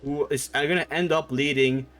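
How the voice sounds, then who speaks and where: A man's voice: a little high, fairly even intonation, normal speed, fairly bright tone, soft background music. A young man streaming, retelling a story in a rambling, comedic way with lots of filler words and swearing.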